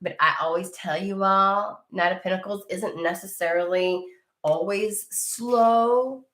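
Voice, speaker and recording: A woman's voice: on the low side, level tone, moderate pace, sharp tone. Blunt, profane woman reading tarot. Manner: blunt and profane, talks to viewer directly. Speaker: tarot reader. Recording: echoey room.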